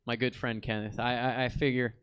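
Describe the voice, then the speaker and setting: A man's voice: mid-range voice, level tone, fairly quick, fairly bright tone, clear, resonant tone, voice pushed down, natural voice. A man voicing the ghost of a World War Two soldier, stammering and heartfelt as he tells his story. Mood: wistful. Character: earnest old WWII soldier ghost, wistful.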